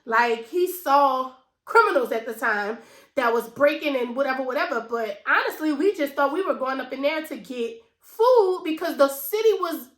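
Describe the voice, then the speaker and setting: With lively intonation and a high, slightly bright voice at an ordinary pace, a New Orleans finance vlogger in her thirties tells viewers a personal story. She sounds emotional and conversational, and her New Orleans, USA accent comes through. The room is echoey.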